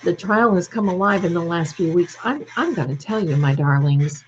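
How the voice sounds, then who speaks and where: Speaking a little fast in a lowish voice, a US woman hosts a home livestream, chatting through viewers' comments and warmly calling them darling. The dull audio has slight background noise.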